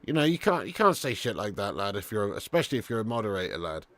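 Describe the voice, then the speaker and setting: Male watch-along host, mid pitch, casual sweary chat, dry close sound. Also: very animated, fast, fairly bright tone, dry recording. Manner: casual and chatty, swears, calls viewers lad. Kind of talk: live football watch-along commentary, reading chat.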